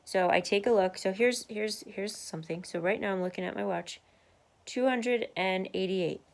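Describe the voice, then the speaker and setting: A woman's voice: mid-range voice, moderate pace, vocal fry. A woman talking candidly to camera in a casual video diary from her home office desk, laughing now and then and marching in place as she talks. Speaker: vlogger sharing a weight-loss journey.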